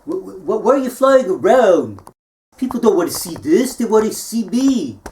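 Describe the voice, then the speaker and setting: Brief: man as a vain, easily excited podcaster, self-absorbed, in a roomy space with echo. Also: high voice, normal speed. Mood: musing. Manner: self-absorbed, exclaiming often. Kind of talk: low-budget comedy film acting.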